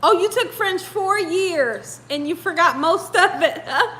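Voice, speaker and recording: A woman with a high, lively voice chats slowly with viewers on her cooking live stream. She giggles often between remarks and sounds tired. Her tone is bright and clear. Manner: giggly, laughs often while reading comments. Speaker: cooking show host. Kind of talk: casual live-stream chat.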